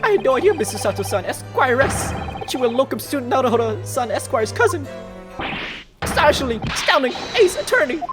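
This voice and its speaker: A man voicing an excitable, stammering male inspector who gushes in a squealing high voice during a game playthrough. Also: a little fast, over music. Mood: flustered gushing. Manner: stuttering, gushing, squealing high.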